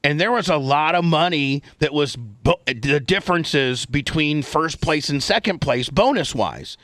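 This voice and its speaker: Middle-aged male host, brash and profane storyteller, slightly high, bright and dry. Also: unhurried, dry recording. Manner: profane, animated storyteller acting out quotes. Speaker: radio show host. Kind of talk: casual storytelling chat.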